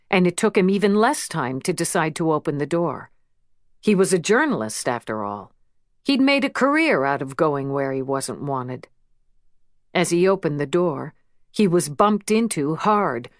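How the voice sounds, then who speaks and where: A woman narrating an audiobook in a measured, emotional first-person reading. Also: low-pitched, no room sound, studio quality. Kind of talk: scripted narration.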